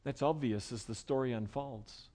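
A man preaching a sermon in a conversational way, dropping to soft asides and rising to loud, emphatic stretches. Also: mid-range voice, normal speed. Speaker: pastor.

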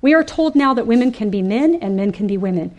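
A woman giving an animated, emphatic sermon to a women's gathering, acting out the quoted voices. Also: a little high, quick pace, lo-fi sound. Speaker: speaker at a women's ministry event.

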